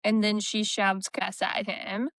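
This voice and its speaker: A woman's voice: mid-range voice, little pitch movement, slow pace, fairly bright tone, no room sound. A woman co-hosting a book podcast, recapping chapters in casual chat and quoting the characters' lines in her own voice.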